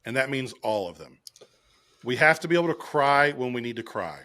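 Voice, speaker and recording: A man co-hosting a podcast, retelling scripture stories in a casual, animated way and acting out the lines. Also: mid-range voice, brisk. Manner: animated storyteller, acts out quotes, laughs often. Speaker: podcast co-host.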